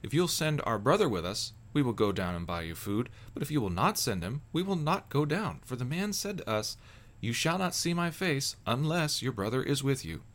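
A man's voice: mid-range voice, big pitch swings, normal speed, fairly bright tone, voice pushed up. Earnest adult brother pleading his case persuasively, read by a man.

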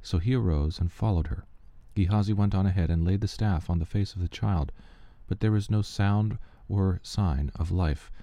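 A man giving a steady, measured reading of Bible passages aloud, with the odd slip he corrects. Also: sits low, no room sound. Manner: steady, measured reading with small slips and restarts. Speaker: scripture reader.

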